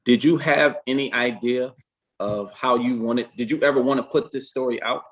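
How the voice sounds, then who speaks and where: A man hosting an interview, asking measured, prompting questions. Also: mid-range voice, fairly even intonation, low-quality recording. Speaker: interview host.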